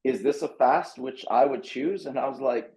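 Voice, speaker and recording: A man's voice: medium pitch, normal speed, mellow, echoey room, low-quality recording. A man, a pastor and author, animatedly telling a story and reading scripture aloud, acting out his own reactions with a self-mocking humor.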